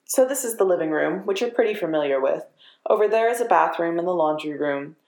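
A woman's voice: on the low side, animated, fairly quick, a little mellow. A woman voicing Steve, an earnest young man giving a friendly, reassuring tour. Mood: gentle. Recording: echoey room.

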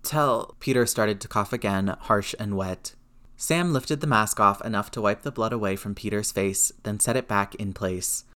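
A man reading a story aloud, narrating in an even, steady way. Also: on the low side, normal speed, clear, resonant tone. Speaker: reader. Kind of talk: reading fan fiction aloud.

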